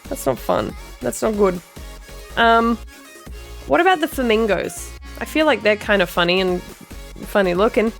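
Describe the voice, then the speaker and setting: A woman's voice: medium pitch, animated, moderate pace, gravelly, long pauses, soft background music. A woman streamer joking and chatting casually with her viewers. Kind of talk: casual live-stream chat.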